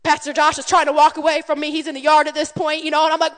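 Woman, pastor, high voice, conversational sermon, animated storytelling, long hall echo. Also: fast talker. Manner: animated storytelling, calls out to the congregation.

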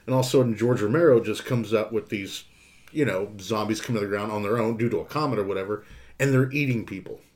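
A man's voice: on the low side, fast talker, a little mellow. Guy on a podcast going off about movies, emphatic, swears a lot. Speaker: podcast co-host. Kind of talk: casual chat.

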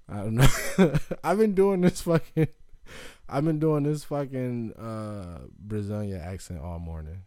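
A man's voice: medium pitch, lively intonation, a little slow, dark tone, no echo, studio quality. Rambling man hosting a casual podcast. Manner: rambling, loose, full of fillers and restarts. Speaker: podcast host. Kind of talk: casual solo podcast chat.

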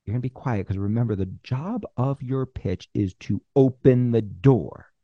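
A man teaching screenwriters how to pitch, acting out both sides of a pitch meeting and pausing on purpose. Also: animated, no echo, highs cut off. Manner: uses deliberate pauses. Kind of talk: instructional talk.

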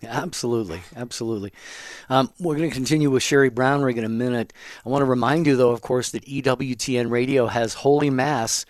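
A calm man co-hosts a radio talk show and reads station announcements into a studio microphone. His voice is dry and close, with no room sound. His pitch sits in an ordinary middle range for a man. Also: fast talker, no echo.

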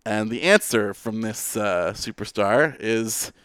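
Casting: young male podcast co-host, resonant voice, dry close sound, deadpan quizmaster. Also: lowish voice, slow, no room sound. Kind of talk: casual chat, quiz-style tweet reading.

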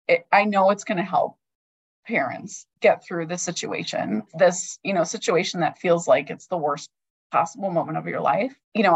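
A woman co-hosting a podcast who speaks in an effusive, grateful, halting way. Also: fairly low pitch, creaky, muffled recording. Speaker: podcast co-host. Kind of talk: podcast interview.

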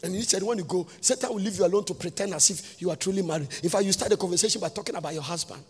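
Rapid-fire and husky, this man's high voice carries a sermon in a sing-song cadence, full of questions to the congregation as he preaches as a pastor. The recording has long hall reverb with faint music.

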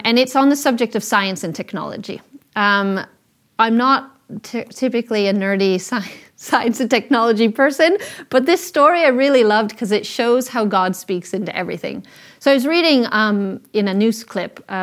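A woman in her thirties giving an earnest, conversational Christian talk, telling stories with frequent ums and restarts. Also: medium pitch. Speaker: speaker sharing a Christian talk. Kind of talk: informal sermon talk with stories.

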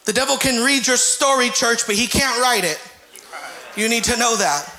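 A man preaching a sermon with passion, sometimes rising to shouts and retelling scripture in character voices. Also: very high-pitched, moderate pace, reverberant, over music.

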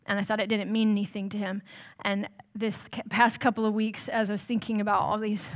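A woman's voice: medium pitch, level tone, fairly quick. A woman preaching at a church, with a talk that sounds more like an easy chat than a formal sermon. She sounds down-to-earth and a little self-deprecating, and her speech is full of casual "um"s and "like"s. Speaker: church staff member preaching. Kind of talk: conversational sermon.

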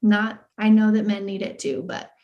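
A woman's voice: mid-range voice, flat delivery, normal speed, highs cut off. A woman speaking earnestly and encouragingly in a casual faith discussion, laughing easily.

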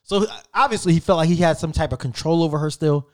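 A man in his thirties casually telling a story in an animated, slangy way, with frequent swearing. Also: fairly high pitch, fast talker. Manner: animated, profane, slangy and conversational.

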